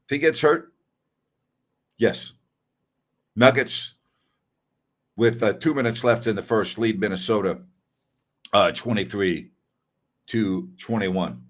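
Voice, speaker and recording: A man's voice: lowish voice, slow, long pauses. A man hosting a sports talk show, giving blunt, opinionated commentary in a casual, conversational way. He repeats his points for emphasis and takes back his own harsh words. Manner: conversational, with fillers and self-corrections.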